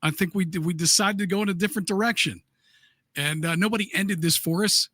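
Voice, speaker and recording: A laid-back man co-hosts a podcast and runs through the news with wry remarks. His voice is high and bright, with a forceful edge. It is recorded close and dry, with no room sound. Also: fast talker, dry recording. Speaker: podcast co-host, news segment reader. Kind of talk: casual chat and news rundown.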